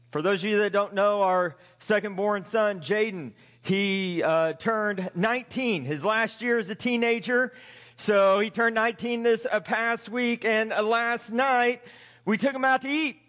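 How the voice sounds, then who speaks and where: High-voiced male pastor preaching. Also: a little slow, fairly bright tone, in a large hall. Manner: conversational, emphatic, rhetorical questions. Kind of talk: sermon.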